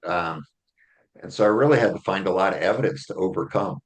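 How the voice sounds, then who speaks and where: A man's voice: low voice, brisk. A man, an author and attorney, being interviewed, explaining his argument step by step and checking in with "okay?". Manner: earnest, builds a case step by step with "okay?" check-ins.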